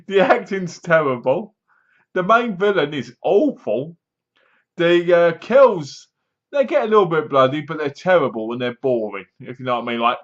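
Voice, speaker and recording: A man with a slightly high voice reviews a horror movie in a casual, sarcastic way, mocking the plot and acting out its scenes. The recording sounds dull and lo-fi. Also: fairly bright tone. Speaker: film reviewer.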